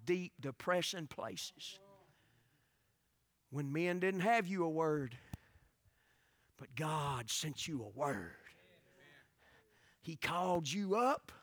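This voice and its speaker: A man preaching a revival sermon, swinging from quiet storytelling to shouted preaching. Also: a little high, no echo.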